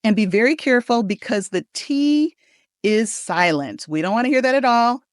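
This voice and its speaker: A woman teaching English pronunciation, modeling each word slowly and deliberately for learners to repeat. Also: fairly high pitch, lively intonation, dry recording, clean studio sound. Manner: slow, deliberate modeling of words. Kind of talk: pronunciation lesson.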